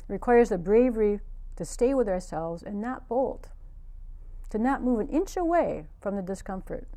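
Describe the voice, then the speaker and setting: A woman's voice: medium pitch, warm tone. A woman, a meditation teacher, giving a spiritual talk built around a personal story, earnest and reflective.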